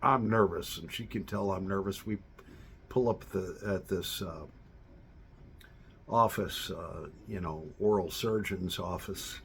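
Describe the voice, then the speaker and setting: A man's voice: low voice, creaky, a bit bright, slight background noise. A man telling a casual personal anecdote in a rambling way, with lots of fillers and restarts. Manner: rambling, with many fillers and restarts, drawn-out delivery. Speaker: storyteller.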